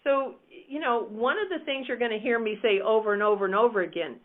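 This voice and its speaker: A woman's voice: on the high side, fast. A woman leading a coaching call, talking in an emphatic, upbeat and direct way. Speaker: real estate team coach. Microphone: phone. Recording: tinny phone line.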